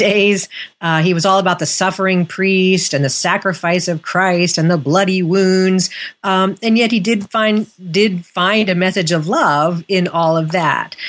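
A woman author talks through her research in an interview setting. Her voice sits a little low, and she speaks thoughtfully, often pausing with fillers and restarting sentences. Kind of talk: conversational interview.

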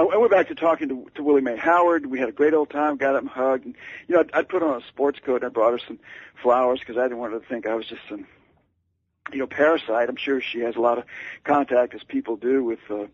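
A man's voice: medium pitch, fairly quick, breathy edge, no room sound. A man, an author and radio guest, telling a story with lots of stammering, restarts and fillers. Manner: stammering and rambling with many fillers. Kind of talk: anecdotal storytelling. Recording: dull lo-fi radio sound.

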